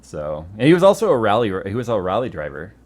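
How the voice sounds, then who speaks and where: A man's voice: fairly low pitch, quick pace. A man from the United States hosting a casual tech podcast, telling stories with lots of laughing and swearing. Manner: animated storyteller, swears and laughs freely. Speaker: tech show host.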